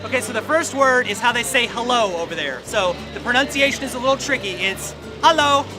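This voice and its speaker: A man's voice: very high-pitched, quick pace. A man presenting a playful street video, teasing people he meets with an upbeat, exaggerated delivery. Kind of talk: playful street vox pop. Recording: outdoor street with music and crowd.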